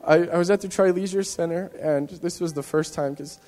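A man's voice: on the high side, fairly even intonation, fairly quick, darkish tone, big-room sound, faint music behind. A man in a church giving an earnest, rambling personal testimony to the congregation, often restarting his sentences. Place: church hall.

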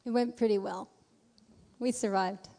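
A woman speaking to a church congregation, telling lively stories about a mission trip and acting out what people said. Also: medium pitch, unhurried, big-room sound. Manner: lively storyteller acting out quotes.

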